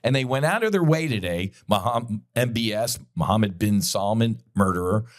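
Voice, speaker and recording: A man's voice: lowish voice, expressive, moderate pace. A middle-aged man hosting a podcast, delivering an impassioned, blunt commentary monologue with frequent profanity and direct appeals to his listeners. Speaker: podcast host.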